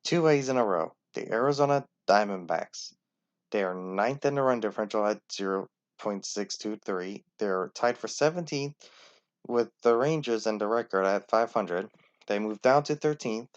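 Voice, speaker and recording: A man's voice: lowish voice, moderate pace, dull audio. A man giving casual, opinionated rankings commentary and talking straight to the teams. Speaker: sports commentator.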